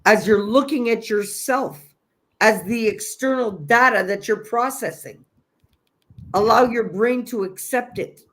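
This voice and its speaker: Male host, slightly high voice, earnest and encouraging, motivational self-help delivery. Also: a bit bright. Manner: earnest, encouraging, repeats key phrases. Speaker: host of a spiritual livestream.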